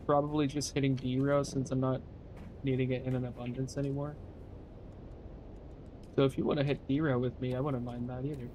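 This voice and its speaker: A laid-back young man live-streams a game, chatting casually with his viewers and swearing offhandedly. His voice is mid-range and darkish, with a little hiss or hum in the audio.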